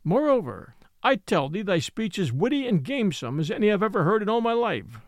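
Cheeky merry outlaw voiced by a man, lively high voice, dry mic. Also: fairly quick, dry recording. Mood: teasing. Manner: cheeky, mocking, playful. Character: merry, bold young male outlaw, teasing. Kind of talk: audiobook character reading.

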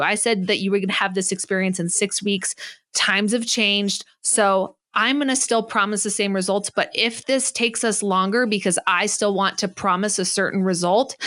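A woman's voice: mid-range voice, a bit bright. A woman business coach, a guest on a podcast interview, talking in an emphatic, preachy motivational way.

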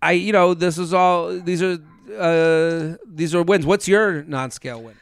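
A man's voice: a little high, unhurried, clear, resonant tone, no room sound. A man co-hosting a casual chat, telling stories animatedly, acting out quotes and swearing. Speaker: podcast co-host.

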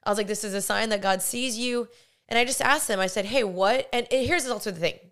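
A woman's voice: on the high side, a little fast, fairly bright tone. A young woman hosting a podcast, telling a personal faith story in an earnest, rambling way, with many fillers and restarts. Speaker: podcast host.

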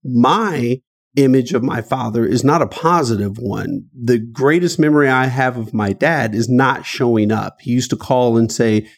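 A middle-aged man from Dayton, Ohio, telling an emotional personal story as an interview guest. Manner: earnest, emotional, rising pitch at painful moments. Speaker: guest author.

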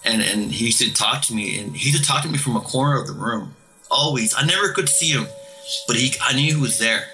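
A man calling in to tell a ghost story in a casual, halting way, often repeating words and restarting sentences. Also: medium pitch, pushed and bright, soft background music, rough recording. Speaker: caller telling ghost stories.

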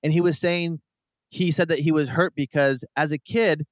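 A man co-hosting a podcast, talking in a chatty, emphatic way with quick asides. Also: a little high, steady tone, no echo, clean studio sound. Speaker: podcast co-host. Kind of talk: casual chat.

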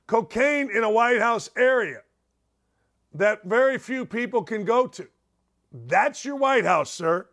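Combative talk show host, high voice. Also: male voice, lively intonation, slow, a bit bright. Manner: combative, sarcastic, rhetorical questions. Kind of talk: opinionated commentary.

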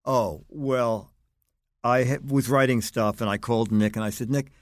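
An older man, a guest on an interview podcast, telling animated anecdotes and acting out other people's lines. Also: medium pitch, moderate pace, no room sound, clean studio sound. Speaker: guest, longtime magazine writer.

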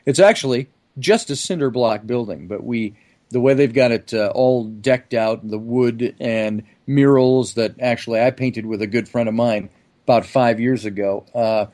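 A man talking as a podcast guest in an easygoing, promotional way. His voice sits at an ordinary middle pitch, and he rambles through lists of names and topics. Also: normal speed, darkish tone. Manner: chatty promotional, piles up lists. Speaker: guest, event organizer. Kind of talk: casual podcast interview.

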